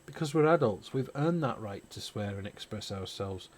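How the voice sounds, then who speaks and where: A man's voice: on the low side, expressive, normal speed, darkish tone. Swearing man ranting over gameplay. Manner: rambling, swears freely, opinionated. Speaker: gaming channel host; parent. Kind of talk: casual chat over gameplay.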